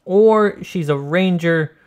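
A man with a somewhat higher voice, co-hosting a loose podcast conversation. He explains his points briskly and laughs easily. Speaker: podcast co-host. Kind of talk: casual chat.

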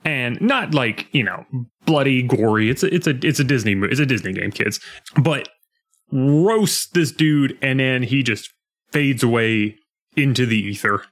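A young man in casual podcast chat about a game. He talks in an animated way, his voice leaping high when he acts out characters' lines. His pitch sits in the middle for a man. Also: a little slow. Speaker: podcast co-host.

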